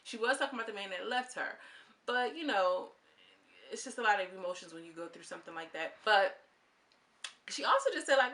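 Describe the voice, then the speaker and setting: A woman's voice: medium pitch, lively intonation, brisk, pauses often, sharp tone. A young woman giving a candid, slangy, opinionated review of a reality show in a casual vlog.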